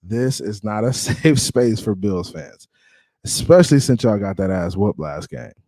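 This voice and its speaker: Hype guy on a sports livestream, jumpy lively voice, dry close mic, roasting rival fans. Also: on the low side, unhurried, no echo. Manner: animated, trash-talking, shouting out viewers. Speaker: livestream sports show host. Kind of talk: casual live-stream banter.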